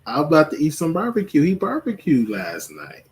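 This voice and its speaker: A man hosting a casual livestream from home, talking to his viewers in a slow, meandering way with lots of fillers. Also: on the high side, wildly swooping pitch, breathy edge. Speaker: livestream host.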